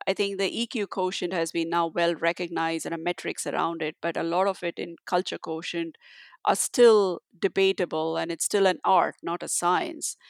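A woman speaks as an interview guest, thoughtful and halting, often restarting her sentences. Her voice is clear and smooth. The recording is dry and close. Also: lowish voice, no echo. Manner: halting, many restarts and fillers. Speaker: guest, tech leader. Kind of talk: conversational interview answer.

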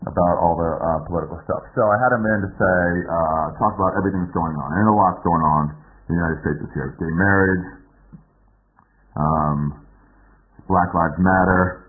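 A man's voice: sits low, normal speed, narrow, tinny audio. A man hosting a podcast, giving a rambling, joking introduction with a fair amount of swearing. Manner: rambling, profane and self-mocking. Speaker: podcast host.

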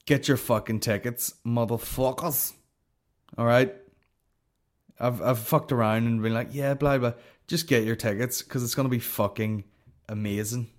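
A man's voice: mid-range voice, fairly even intonation, moderate pace. A Northern Irish man hosting a comedy podcast, ranting casually in a profane, rambling way and swearing constantly.

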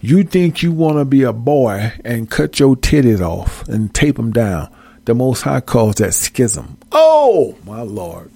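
A man leading a casual Bible study, reading verses and chatting straight at his viewers in a folksy, animated way. His voice is gravelly with a lot of fry, and the recording is close and dry. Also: medium pitch, unhurried, dry recording. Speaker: Bible teacher.

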